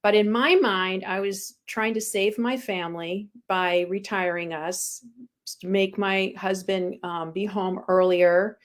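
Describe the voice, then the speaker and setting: A woman guest speaks candidly, a spiritual coach recounting her own past in an unpolished, conversational way. She pokes fun at herself and fills pauses with ums. Her pitch sits in a typical middle range. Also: fairly even intonation. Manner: frank and self-deprecating, with frequent ums. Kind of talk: candid personal storytelling.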